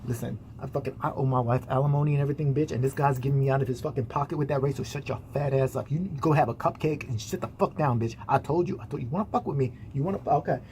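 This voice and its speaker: A woman's voice: rumbling low, racing, hardly any pauses, warm tone, slight background noise, voice pushed down. Woman doing a crude bullying male cop. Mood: menacing. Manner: profane, bullying, rambling threats. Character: crude male police officer, aggressive.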